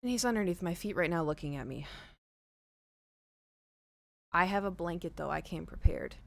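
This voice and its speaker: A woman streamer chatting casually to her viewers from home, telling a story in an animated way and acting out the quoted lines. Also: lowish voice, normal speed, creaky. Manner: animated, acts out quoted dialogue. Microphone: streaming desk mic.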